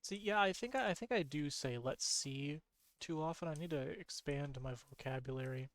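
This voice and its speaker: A sleepy streamer with a slightly high-pitched voice talks through his game in a loose, rambling way. He yawns between thoughts, circles back to repeat himself, and perks up easily at small discoveries. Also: moderate pace, a bit bright, no echo. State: sleepy, yawning. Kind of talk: casual gameplay commentary.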